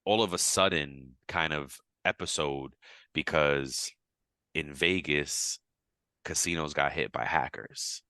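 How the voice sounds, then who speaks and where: A man co-hosting a podcast, chatting casually and animatedly, his voice leaping high when he acts out his own reactions. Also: slow, clear, resonant tone, dry recording. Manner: animated, jumps to high pitch when quoting himself. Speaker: podcast co-host.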